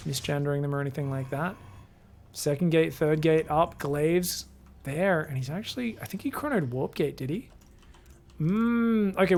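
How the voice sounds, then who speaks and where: His voice leans high and has a creaky quality. Alone on a live game stream, this caster chats and rambles, aiming his remarks straight at the viewers.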